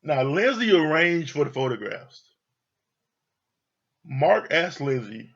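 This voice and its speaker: Unhurried and sing-song, a male reality TV reviewer with a bright, husky, somewhat high voice rambles through a show recap, leaving long pauses. His commentary is casual and profane, full of laughter and free swearing, on a slightly dull, lo-fi recording.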